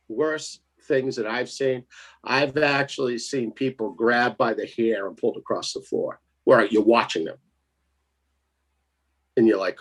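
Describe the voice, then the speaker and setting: A man telling a spooky story as a guest. He is lively and emphatic and keeps checking in with "right?". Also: medium pitch. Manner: lively, emphatic, tags lines with 'right?'. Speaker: paranormal investigator guest. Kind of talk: casual storytelling.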